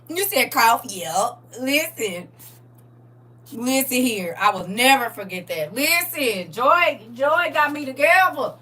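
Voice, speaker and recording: A woman hosting a live-streamed Bible study, preaching in a lively, playful way and answering viewers' comments. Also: high-pitched, takes it slowly, breathy edge.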